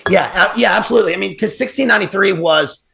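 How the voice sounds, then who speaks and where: A man's voice: high-pitched, quick pace, vocal fry, pushed and bright. A man talking as a guest on a livestream, analyzing literature in a rambling way, full of fillers and restarts. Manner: digressive, many fillers and restarts. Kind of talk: casual livestream discussion.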